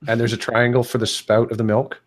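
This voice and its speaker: A man's voice: mid-range voice, level tone, brisk. A man in a casual group chat, sarcastic and hesitant with many uhs.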